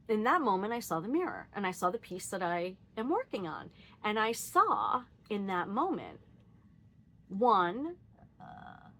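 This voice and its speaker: A woman sharing a personal story in a casual, reflective vlog, laughing often and acting out what she said and thought. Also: medium pitch. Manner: candid and animated, laughs often, quotes herself; frequent fillers and restarts, thinking aloud.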